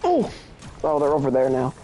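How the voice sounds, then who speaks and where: A man's voice: mid-range voice, wildly swooping pitch, moderate pace, warm tone, a little hiss or hum, poor audio. A young man streaming a game, teasing his friend and calling out game terms in casual chat.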